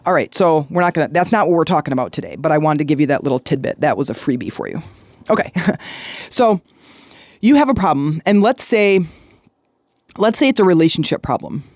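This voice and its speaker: A woman's voice: low voice, very animated, a little fast, long pauses, darkish tone. A woman hosts her own podcast alone at a close mic, and the sound is dry with no room echo. She tells her story in a loose, chatty way. She keeps checking in with the listener through "okay?" and "right?". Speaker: podcast host. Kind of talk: solo podcast monologue.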